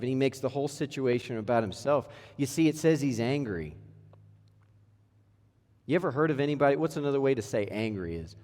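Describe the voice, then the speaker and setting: In the echoing space of a church hall, a man in his thirties gives a sermon in a relaxed, conversational style, peppered with rhetorical questions. He's a pastor with a mellow, mid-range voice.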